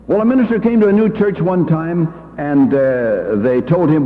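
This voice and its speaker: A man's voice: on the high side, normal speed, hardly any pauses. Older man, folksy anecdotal talk, tinny old tape, long hall echo. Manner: anecdotal, homespun, fillers. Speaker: church education leader.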